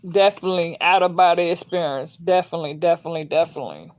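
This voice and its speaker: A woman's voice: fairly low pitch, very fast, a little mellow. A woman giving a casual spiritual tarot reading, informal and emphatic, repeating her points. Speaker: tarot reader.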